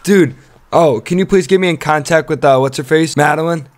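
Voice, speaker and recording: A man's voice: on the high side, fairly quick. A man streaming casual video-chat banter with strangers, crude and teasing as he jokes.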